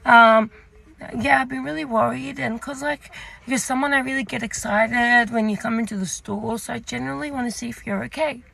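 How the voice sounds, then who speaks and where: A woman voicing a caring, concerned young female supermarket worker who speaks gently and hesitantly. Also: fairly high pitch, fairly even intonation, normal speed, creaky, full character voice, low-quality recording.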